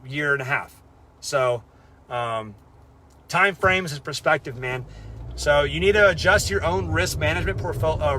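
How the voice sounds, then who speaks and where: A man's voice: on the high side, sharp tone, a little hiss or hum. A young man vlogging casually about crypto trading, blunt and profane, rambling with lots of fillers. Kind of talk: casual talk to camera.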